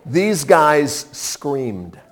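A middle-aged man preaching in a relaxed, joking way, his voice rising and falling a lot. He takes his time and leaves pauses to let points land. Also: fairly high pitch. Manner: conversational and humorous, with dramatic pauses. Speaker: pastor. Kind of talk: sermon.

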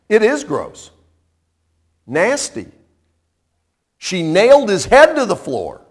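Male preacher, storytelling sermon, lively and unhurried, slightly higher voice. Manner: animated, conversational, dramatic shifts in loudness.

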